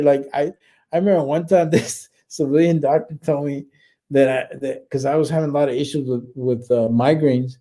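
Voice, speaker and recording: A man in his forties hosts a relaxed live chat and answers viewers as he goes. His voice sits a little high and sounds mellow. He curses constantly and rambles through lots of fillers and false starts. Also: fairly quick. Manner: laid-back and profane, rambling with many fillers and restarts. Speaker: livestream host and Army veteran.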